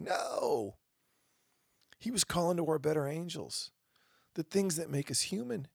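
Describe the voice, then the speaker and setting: Gravelly, husky-voiced male podcast host. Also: a little high, lively intonation, unhurried, pauses often, a little mellow, dry recording, clean studio sound. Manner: impassioned, with mocking asides. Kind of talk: opinion monologue.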